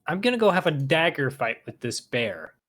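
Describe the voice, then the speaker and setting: A man's voice: a little high, very animated, moderate pace, fairly bright tone. Man joking around at a game table. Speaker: player. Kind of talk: casual tabletop game chat.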